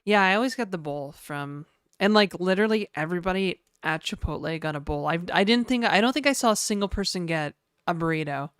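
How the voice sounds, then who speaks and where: Rambling woman streamer reading chat; smooth voice, dry close mic. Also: fairly low pitch, expressive, a little fast, a bit bright, no room sound. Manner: rambling, chatty, reads chat aloud. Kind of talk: casual live-stream chat.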